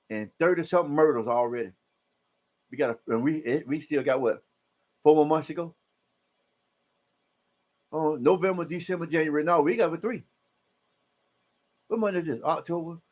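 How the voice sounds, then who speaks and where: A man preaching informally from scripture in a loose, repetitive way, rising to emphatic shouts when he reads the verses. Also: sits high. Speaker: self-styled preacher.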